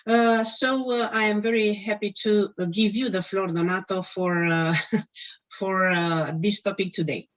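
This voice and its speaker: A woman's voice: mid-range voice, fairly even intonation. A woman introduces a conference panel over a video call, stopping and restarting often with plenty of fillers. Her voice sounds a bit worn, as if she is losing it. The audio is dull and lo-fi. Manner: halting, many fillers and restarts. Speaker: conference host. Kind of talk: hesitant live introduction.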